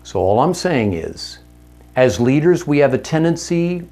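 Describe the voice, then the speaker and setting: Addressing men at a marriage seminar, this speaker is candid and conversational, throwing out rhetorical questions and fixing his own sentences as he goes. His voice is a little high, sing-song and dark in tone, at a measured pace, with soft music playing underneath.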